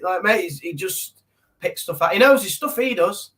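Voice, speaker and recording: Lively, bright-voiced man, off-mic. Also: high-pitched, moderate pace. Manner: lively, jokey storytelling. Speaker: co-host. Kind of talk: casual live-stream chat.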